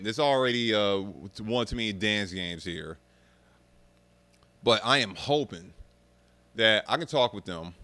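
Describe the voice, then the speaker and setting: Profane, animated man with a bright voice. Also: medium pitch, no echo. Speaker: streamer talking about arcade rhythm games. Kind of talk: casual rant to viewers.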